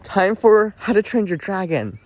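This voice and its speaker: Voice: medium pitch, sing-song, a little slow, background noise. Dramatic, exclamatory young movie reviewer. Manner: dramatic, exclamatory, addresses viewers as "girls". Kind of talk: casual vlog review.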